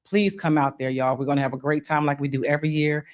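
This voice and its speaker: A woman's voice: low voice, fairly even intonation, quick pace. A woman from Pennsylvania hosting a casual podcast chat, talking to her audience in a folksy way and calling them y'all. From Pennsylvania, USA. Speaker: podcast host.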